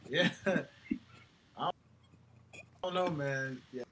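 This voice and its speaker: A man's voice: fairly high pitch, extremely slow, noisy background. A man in a casual chat, laid back and trailing off into fillers.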